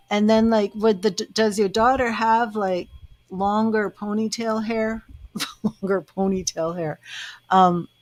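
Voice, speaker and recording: Slow, halting woman psychic medium. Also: mid-range voice, a little mellow, no room sound. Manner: halting, searching, trails off as she relays images. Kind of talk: live-stream psychic reading.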